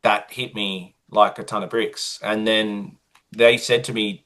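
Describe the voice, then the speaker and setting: An Australian man, a guest, telling a personal story in an interview with lively acted-out dialogue. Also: fairly low pitch, unhurried. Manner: animated, acts out quoted dialogue.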